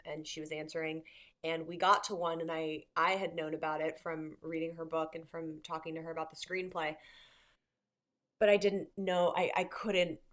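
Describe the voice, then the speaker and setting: Candid young woman podcast host. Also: fairly low pitch. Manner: candid, swears freely, restarts often. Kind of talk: casual chat.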